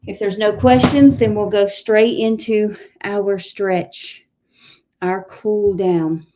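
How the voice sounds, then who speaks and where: A woman with a Southern US accent leading a live exercise class, counting reps and giving steady cues, heard from a distance in an echoey room. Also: medium pitch, slow pace. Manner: counts reps aloud, encouraging cues, clears throat often. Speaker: fitness instructor. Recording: roomy echo, voice from far off.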